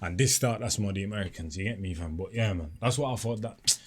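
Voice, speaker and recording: A man's voice: on the low side, fast talker. A young man, reacting to music in chatty commentary full of street slang. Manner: chatty, heavy street slang, frequent fillers. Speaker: music reaction channel host.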